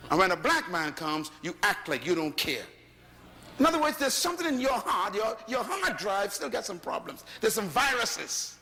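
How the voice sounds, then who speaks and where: A man with a Bahamian accent preaching a sermon to a congregation, telling stories with rising shouts. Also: high-pitched, normal speed, long reverb tail. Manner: animated storytelling, rising to shouts. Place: large hall before a congregation.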